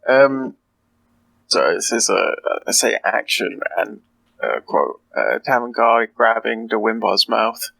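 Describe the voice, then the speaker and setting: A male player hesitantly recalling highlights in a casual chat after a game session, with many fillers. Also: lively intonation, unhurried, gravelly, sharp tone, dry recording, low-quality recording. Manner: hesitant, filler-heavy, self-deprecating.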